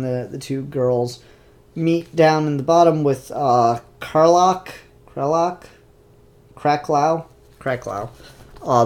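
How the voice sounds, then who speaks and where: A man's voice: medium pitch, a little mellow. A man casually reviewing comic books, rambling and opinionated with frequent fillers.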